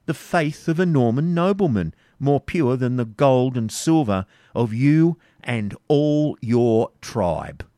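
A man's voice: medium pitch, expressive, takes it slowly, hardly any pauses, mellow, no room sound, clean studio sound, pitched above the performer's own voice. A man voicing a cruel, sarcastic medieval baron who speaks sternly and with contempt, read as a storybook figure. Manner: stern, mocking, commanding.

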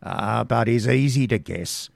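A scornful old hag grumbles and mutters her spite in a gravelly, close voice, put on by a man reading a storybook. The sound is dry, with no room around it. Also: mid-range voice, unhurried, dry recording.

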